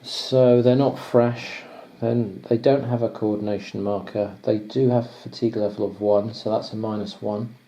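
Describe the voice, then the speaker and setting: Man, low voice, warm mellow tone, wargame playthrough, hesitant, thinking aloud. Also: fairly even intonation, low-quality recording. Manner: hesitant, many pauses and ums, clears throat. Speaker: board wargame player.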